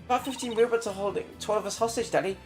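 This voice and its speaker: A man voicing an excitable young girl who is frightened for her father, reading a video game aloud. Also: high voice, very fast, music in the background, voice pushed up, close to an everyday voice. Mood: anxious.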